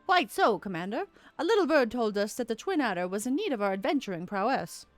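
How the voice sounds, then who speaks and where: A woman's voice: a little high, sing-song, fast talker, no room sound, soft background music, pitched above the performer's own voice. A woman voicing a polite, earnest young male scholar in a game.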